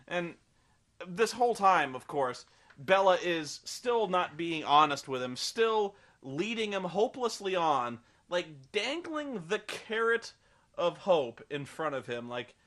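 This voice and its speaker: A man's voice: high voice, a bit bright. A man giving a rambling, sarcastic and profane comedic film review.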